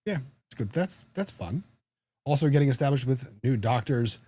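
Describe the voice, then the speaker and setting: Brief: male lawyer host, mid pitch, dry close sound, wry banter with chat. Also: animated, moderate pace, mellow, breathy edge, no echo. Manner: joking, self-deprecating, chatty. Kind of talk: casual livestream chat, reading viewer comments.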